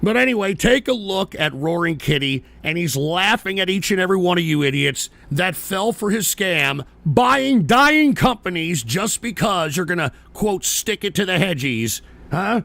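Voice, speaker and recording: A man's voice: high voice, expressive, moderate pace, gravelly, hardly any pauses, fairly bright tone, no echo. A man hosting a live-stream show, ranting in casual, profane and combative commentary and mocking viewers who send messages. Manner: talks back to viewer messages.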